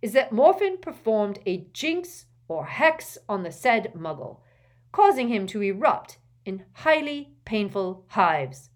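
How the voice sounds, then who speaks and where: A woman's voice: mid-range voice, very animated, takes it slowly, pitched above the performer's own voice. A woman puts on a stiff middle-aged official who speaks firmly and formally. He sounds officious and clipped, delivered in an audiobook reading. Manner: firm, formal.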